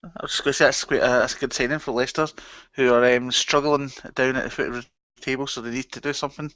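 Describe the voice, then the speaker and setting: A man's voice: medium pitch, steady tone, fast, fairly bright tone, no echo. A man co-hosting a livestream in casual chat, laid-back and often giving short replies. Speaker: livestream co-host. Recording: dull, lo-fi stream audio.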